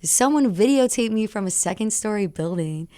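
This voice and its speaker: A young adult woman rapper talking as a radio guest, recounting stories in an excitable, tumbling way. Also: medium pitch, normal speed, no room sound, clean studio sound. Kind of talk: animated storytelling interview. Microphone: studio radio mic.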